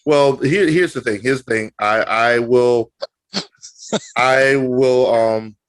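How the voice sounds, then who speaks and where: A man co-hosting a sports podcast, boastful and animated, halting with many fillers. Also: mid-range voice, clean tone, dry recording. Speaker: podcast co-host. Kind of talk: casual sports podcast chat.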